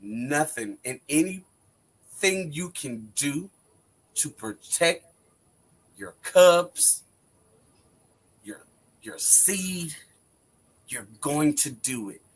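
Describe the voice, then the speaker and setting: A man's voice: fairly high pitch, expressive, very slow, pauses often. A man in his forties on a wrestling panel, bantering dramatically and preaching in a mock-wounded tone.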